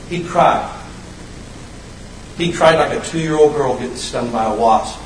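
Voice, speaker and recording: A male pastor preaches with a lot of energy, jumping from loud, high outbursts to quiet, low asides. His voice sits on the high side for a man. The room is echoey, and the mic picks him up from some distance, with a faint background hum. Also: normal speed. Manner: animated, swings from loud high bursts to low hushed lines. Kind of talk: sermon. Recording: roomy echo, mic at a distance.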